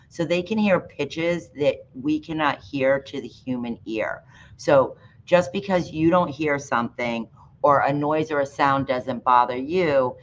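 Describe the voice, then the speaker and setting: A woman dog groomer giving a chatty, rambling live-streamed talk on pet care, with many fillers. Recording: muffled live stream with faint rumble.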